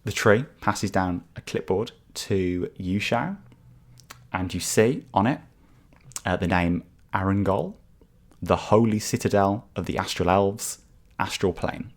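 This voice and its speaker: Deep-voiced game master narrating hesitantly. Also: male voice, measured pace. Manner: hesitant, filler-heavy descriptive narration.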